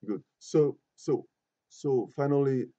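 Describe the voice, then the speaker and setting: A man teaches grammar to a class, his voice very dark and a little husky. He talks patiently, repeats his words and keeps checking that everyone follows. The recording is dry and muffled, with little room sound. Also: mid-range voice, takes it slowly, no echo. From Côte d'Ivoire. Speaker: English teacher.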